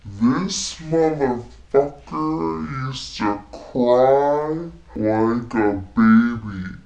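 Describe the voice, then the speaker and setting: A woman putting on a deadpan, mocking commentator voice to jeer at someone. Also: extremely low pitch, drawn-out words, echoey room, dull audio, voice pushed down, full character voice.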